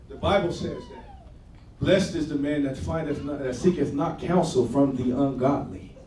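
A man preaching a sermon in a church, casual and slangy, swinging from quiet talk to loud shouting and calling on the congregation to respond. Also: mid-range voice, huge pitch swings, moderate pace, reverberant, recorded from a distance, a little hiss or hum, rough recording. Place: church sanctuary.

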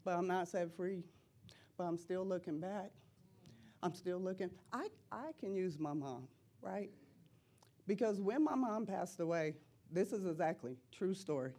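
A woman's voice: fairly low pitch, animated, a little slow, dark tone. Impassioned woman preaching testimony. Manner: impassioned, repetitive, rising to cries. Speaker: church member giving testimony.

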